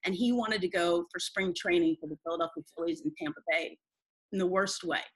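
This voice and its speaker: A woman's voice: fairly low pitch, brisk, slightly rough, poor audio. A woman who is a guest in a conversation, telling a personal story in an earnest, rambling way with many restarts.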